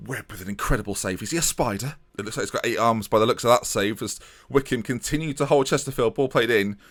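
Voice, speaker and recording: A young man giving chatty, animated commentary on his own game play, talking to his viewers and laughing often. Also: medium pitch, fast. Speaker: gaming YouTuber. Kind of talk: casual let's-play commentary.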